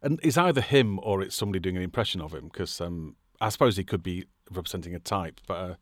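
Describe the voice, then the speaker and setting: A man's voice: low-pitched, animated, fast, dry recording, clean studio sound. A man from England co-hosting a casual film podcast, wry and thoughtful. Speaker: podcast co-host.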